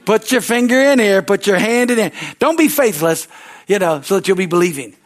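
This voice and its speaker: Jesus as a man preaching puts him on: raised, higher, urgent command voice, emphatic. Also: lively intonation, fairly quick. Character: Jesus, a commanding man calling a doubter over.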